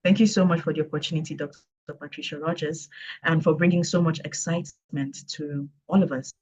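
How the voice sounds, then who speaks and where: A woman's voice: low-pitched, fairly even intonation, a little fast, darkish tone. A woman in her twenties, a book co-author, speaking upbeat and a little hesitant with many ums. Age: 20s. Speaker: co-author, administrative assistant. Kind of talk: casual speech. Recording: dull lo-fi sound.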